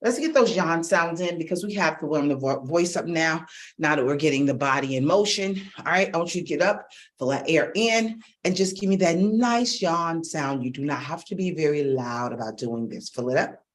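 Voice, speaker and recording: Middle-aged woman, vocal coach, energetic, encouraging, brisk instructions, frequent check-ins. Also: sits low. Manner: energetic and encouraging, checking in with "okay?" and "all right?". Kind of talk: guided vocal warm-up lesson.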